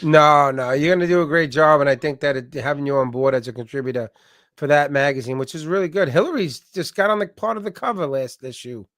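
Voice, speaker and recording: A man's voice: on the high side, fast, a bit bright, no room sound, clean studio sound. A man hosting a casual livestream chat, teasing his guests and rambling with many restarts. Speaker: podcast host.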